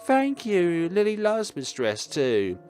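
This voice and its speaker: Man doing a timid little girl, high squeaky voice, loud, music behind. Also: huge pitch swings, slow, heavily acted. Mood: happy. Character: small frightened little girl, timid and eager.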